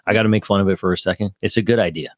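A laid-back man in his forties hosting a casual podcast, laughing often and tossing in a friendly "bro" or "man". His voice sits fairly low. The recording is dry and close. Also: racing, dry recording. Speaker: podcast host. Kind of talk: casual chat.

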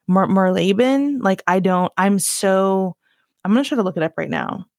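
This twenty-something podcast host from Virginia has a light Southern accent and a medium-pitched, slightly mellow voice with vocal fry. Talking at normal speed in a casual solo chat, she rambles, mocks herself, and fills her speech with fillers, recorded at studio quality with no echo.

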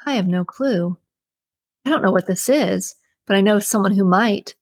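A woman voicing an excitable, determined young female detective who insists she is right. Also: medium pitch, moderate pace, dry recording, clean studio sound, natural voice. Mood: eager. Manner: eager and insistent.

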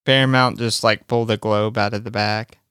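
A man's voice: lowish voice, fairly even intonation, a little fast, fairly bright tone, clean tone, no echo, clean studio sound. A man co-hosting a casual podcast, blunt and crude and joking about a movie. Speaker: podcast co-host. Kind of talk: casual chat.

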